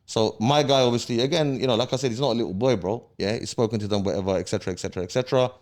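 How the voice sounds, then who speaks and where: A man's voice: mid-range voice, very fast, darkish tone. A man, a podcast guest heatedly retelling events in street slang and checking in with "yeah?" after each point. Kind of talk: casual storytelling interview.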